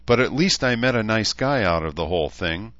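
A man voicing a young female unicorn who squeaks and gushes plaintively, on a dull lo-fi recording. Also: expressive, brisk, a bit bright, dry recording. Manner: plaintive and gushing.

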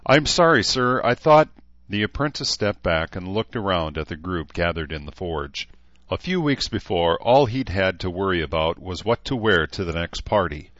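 A man reading an audiobook in a measured, even narration. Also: deep voice, no echo, dull audio. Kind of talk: scripted narration.

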